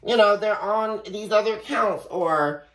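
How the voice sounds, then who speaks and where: Recorded from a distance in a roomy space, a woman with a mid-range, unhurried voice delivers a tarot reading. She's blunt and profane, ranting animatedly throughout.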